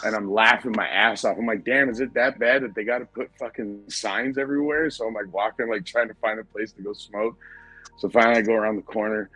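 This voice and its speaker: Profane storytelling man, low voice. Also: a bit bright. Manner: profane, rambling anecdote with quoted dialogue. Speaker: podcast host. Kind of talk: casual storytelling.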